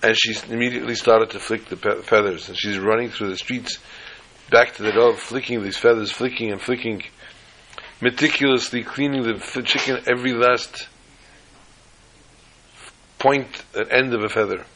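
A man giving a storytelling sermon as a religious teacher, animated and emphatic, piling up repeated phrases. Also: medium pitch, normal speed, a little hiss or hum, poor audio.

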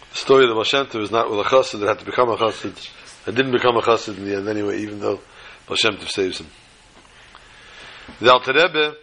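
A man's voice: medium pitch, pushed and bright. A man giving a storytelling talk to a small gathering, folksy and fond of joking asides.

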